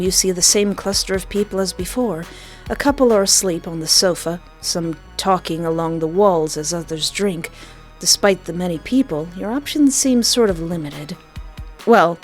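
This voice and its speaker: A woman reading a visual novel aloud as a let's play, animated and joking, talking back to the game. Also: fairly low pitch, moderate pace, soft background music.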